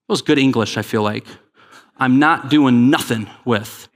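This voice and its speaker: A man delivering a keynote to a conference crowd, lively and joking as he urges people to make noise. His voice sits a bit high for a man, and long reverb from the big hall trails each phrase. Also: normal speed. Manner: energetic, joking, pushes the crowd to respond. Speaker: keynote speaker.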